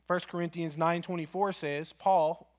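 Higher-voiced male pastor preaching. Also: steady tone, unhurried. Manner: storytelling with acted quotes, ends in prayer. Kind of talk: sermon. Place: church.

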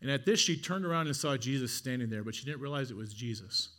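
A man preaching a sermon, retelling a scripture story dramatically, dropping to a hush and then building to emphatic repeated phrases. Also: mid-range voice, animated, quick pace.

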